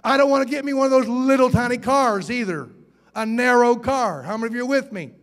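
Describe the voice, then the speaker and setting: Pastor, high voice, folksy and playful sermon delivery, long hall reverb. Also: male voice, a little fast. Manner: folksy, playful, rhetorical questions to the congregation.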